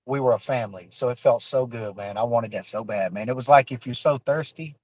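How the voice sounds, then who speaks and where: A man's voice: medium pitch, a little fast, darkish tone, no room sound, low-quality recording. A man tells a long personal story in a casual, rambling way. He swears freely and circles back through fillers and restarts. The recording is close and dry, with no room sound. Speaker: guest telling a personal story.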